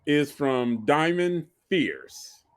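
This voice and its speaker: Slow-talking man podcast co-host. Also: a little high, very animated. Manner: agreeing interjections, introduces clips. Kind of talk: casual podcast discussion.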